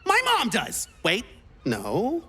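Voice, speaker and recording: A woman voicing an eager, clumsy young male would-be adventurer in a video game, who talks excitably, rambles and stumbles over his words. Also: on the high side, takes it slowly, husky, full character voice. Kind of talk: game character dialogue.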